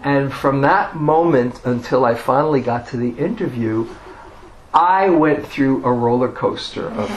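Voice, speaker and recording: A man giving a dharma talk as a meditation teacher, telling a personal story in an unhurried way with self-deprecating humor. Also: medium pitch, slight background noise, poor audio.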